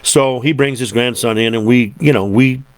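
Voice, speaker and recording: A man's voice: medium pitch, moderate pace. Laid-back rambling man host. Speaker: show host. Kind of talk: casual storytelling monologue.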